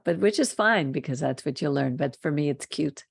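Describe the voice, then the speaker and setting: Lady host talking torah, earnest and emphatic, low voice. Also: animated, normal speed, gravelly, breathy edge, dry recording, clean studio sound. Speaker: host of a Torah study program. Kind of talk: teaching talk and closing blessing.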